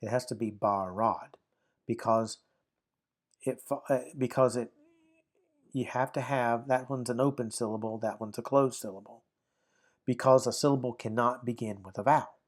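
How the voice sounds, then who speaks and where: A man teaching a recorded grammar lesson, sounding out syllables slowly and often checking "right? okay?". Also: medium pitch, fairly even intonation. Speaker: Bible Hebrew teacher.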